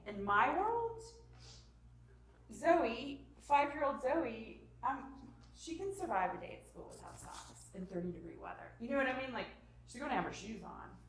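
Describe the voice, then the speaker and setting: A woman in her thirties presenting a parenting workshop, animated, acting out parent and child voices and dropping into whispers. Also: on the high side, moderate pace. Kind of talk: lively parenting talk to a live group. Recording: very echoey hall from far off.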